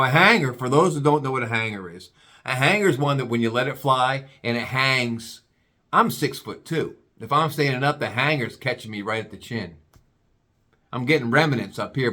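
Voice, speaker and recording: A man telling a comic story in a drawn-out, playful way. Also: medium pitch. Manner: animated, drawn-out comic buildup.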